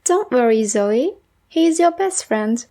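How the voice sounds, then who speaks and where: A woman reading as a gentle, caring mom. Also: high voice, expressive, unhurried. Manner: soothing, calls everyone honey. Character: caring mother, patient and gentle.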